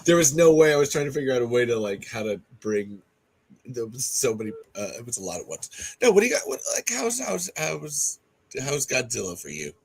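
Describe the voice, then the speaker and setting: A man hosting a casual podcast chat, rambling and excitable, often breaking into laughter. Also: medium pitch, a little fast, gravelly, slightly rough. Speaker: podcast host.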